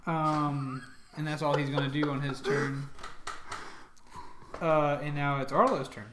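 A man running a tabletop game as game master, narrating in a relaxed, chatty way. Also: fairly high pitch, a little slow, crowd noise. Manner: relaxed, chatty, laughs often.

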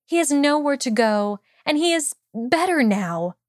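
A woman's voice: high-pitched, very animated, unhurried, no echo, clean studio sound, pitched above the performer's own voice. A woman voicing an earnest, determined young witch who speaks in a pleading, tenacious and eager way, in an audiobook reading of fan fiction.

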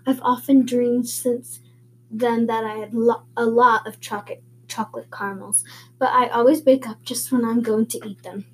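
A woman's voice: a little high, fairly even intonation, moderate pace, slight background noise, lightly acted. Anne, a dreamy orphan girl as a woman reads her. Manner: dreamy, earnest, wordy. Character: eager talkative orphan girl, about eleven.

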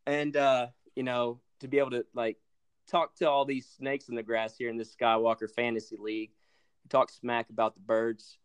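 A man in the guest seat of a podcast, throwing mock-furious trash talk at his league rivals. He stammers and restarts, then swells into blustery, theatrical outbursts. His voice sits at an ordinary middle pitch. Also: level tone, normal speed, smooth.

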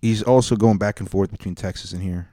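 A man's voice: lowish voice, fairly even intonation, a little fast, mellow, no room sound, clean studio sound. A man co-hosting a podcast, rambling and joking at his own expense in casual banter. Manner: rambling, joking, self-deprecating. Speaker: podcast co-host.

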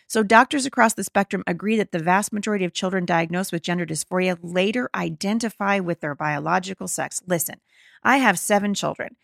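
A woman's voice: medium pitch, vocal fry, dry recording, studio quality. A middle-aged woman hosting a podcast, reading an article aloud and commenting on it, indignant and emphatic, often stumbling and restarting. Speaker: podcast host.

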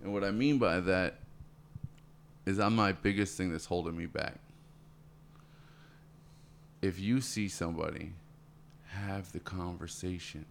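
A man's voice: unhurried, creaky, long pauses, slight background noise. A man talking casually as a guest, earnest and motivational, often repeating words and calling people "man". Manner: acts out quoted voices in a higher pitch. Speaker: podcast guest. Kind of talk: casual conversation.

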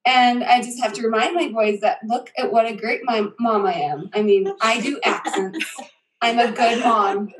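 A woman's voice: a little high, moderate pace, noisy background. A mother chatting casually, telling stories with lots of laughter. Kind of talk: casual chat among mothers.

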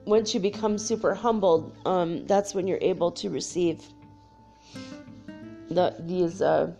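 Candid, emotional woman with a mellow voice. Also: mid-range voice, vocal fry. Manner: candid and emotional, laughs often, swears casually. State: tearful at times. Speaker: spiritual vlogger. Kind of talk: casual confessional talk to viewers.

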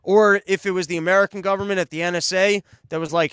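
Man, political monologue, sarcastic, profane, high voice, dry close sound. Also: steady tone, quick pace, fairly bright tone, smooth, no echo. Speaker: political commentator. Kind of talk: opinionated monologue.

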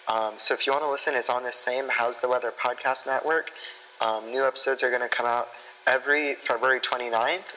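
A man's voice: medium pitch, sharp tone, big-room sound, slight background noise, voice pushed down, close to an everyday voice, rough recording. A man voicing a breezy male guest who rambles through a plug for his own podcast, full of ums. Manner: rambling promo with many fillers. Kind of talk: comic promo bit.

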